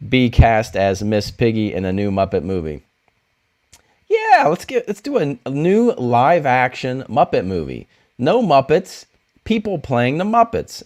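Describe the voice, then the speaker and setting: A man in his forties hosting a casual livestream and reading out viewer comments. His pitch sits in the middle but swings widely as he talks. He jokes, laughs often and restarts his sentences. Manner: animated and joking, with frequent laughs and restarts. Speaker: livestream host.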